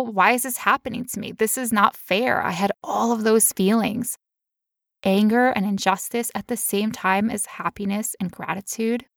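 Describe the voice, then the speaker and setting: Woman, personal storytelling, gravelly voice, dry close sound, candid. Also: mid-range voice, no room sound. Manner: candid and emotional, with playful put-on voices. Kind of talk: personal storytelling in casual chat.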